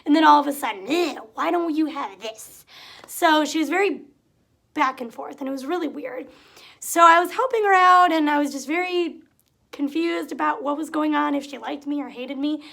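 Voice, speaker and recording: A woman's voice: sits high, fairly quick, gravelly, a bit bright. A young woman telling retail stories in a casual, chatty way, getting exasperated and acting out what customers said. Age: young adult. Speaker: vlogger. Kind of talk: casual storytelling. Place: home room, cat nearby.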